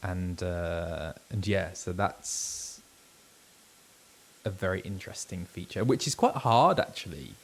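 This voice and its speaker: Chatty British man with a lowish voice. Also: expressive, slow, husky. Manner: chatty, rambling, full of fillers. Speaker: voice actor streaming a game. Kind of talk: casual live-stream chat. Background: background music.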